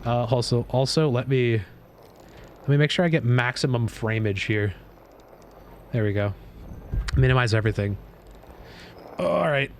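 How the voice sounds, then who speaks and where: A man streaming live, chatting casually while gaming, boastful and excitable, swearing freely. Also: medium pitch, normal speed, pauses often, a little hiss or hum.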